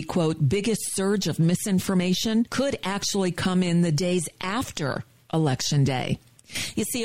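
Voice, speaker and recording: A woman's voice: sits low, dark tone, no echo. A woman hosting a news segment, reading headlines with sarcastic asides. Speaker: news host. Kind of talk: sardonic news commentary.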